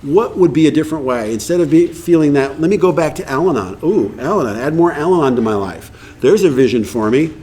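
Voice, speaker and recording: A middle-aged man with a Texan accent, speaking at a recovery meeting and acting out quoted voices in an animated way. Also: fairly high pitch, fairly quick, hardly any pauses. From Texas.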